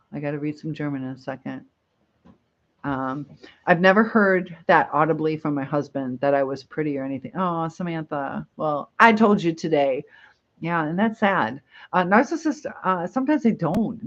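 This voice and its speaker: Rambling woman on lo-fi livestream. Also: deep voice. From Michigan, USA. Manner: rambling, reads viewer comments aloud, laughs often. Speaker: livestream host. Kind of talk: casual live chat.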